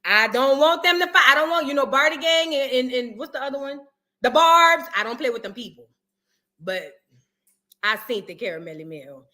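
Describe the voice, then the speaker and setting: A woman hosting a live reaction stream, joking and animated in heavy slang. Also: high voice, moderate pace. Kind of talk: casual live-stream commentary.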